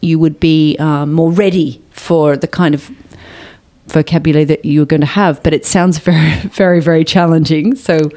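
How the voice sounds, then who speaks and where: Lower-voiced woman interviewer. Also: fairly even intonation, normal speed, mellow. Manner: encouraging, asks questions with friendly backchannels. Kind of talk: casual interview.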